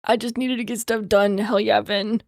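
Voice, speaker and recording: A young adult woman livestreamer in rambling, casual chat, quick to laugh. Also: medium pitch, fairly even intonation, a little mellow, dry recording, clean studio sound.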